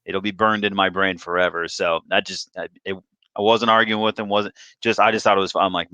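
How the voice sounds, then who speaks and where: A man's voice: sits low, flat delivery, fairly quick, pushed and bright, clean tone, no room sound, lo-fi sound. A man co-hosting a sports podcast, talking casually and rambling with frequent restarts. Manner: rambling, self-interrupting, restarts often. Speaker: podcast co-host.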